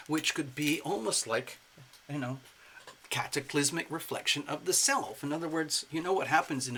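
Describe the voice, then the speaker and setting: A man giving a casual spoken tarot reading in an expressive, playful way, slipping into acted asides. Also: medium pitch, slight background noise. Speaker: tarot reader.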